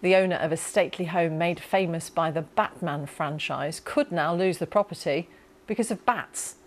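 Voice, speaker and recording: Woman reading the news, formal and crisp. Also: fairly low pitch, moderate pace. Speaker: news presenter.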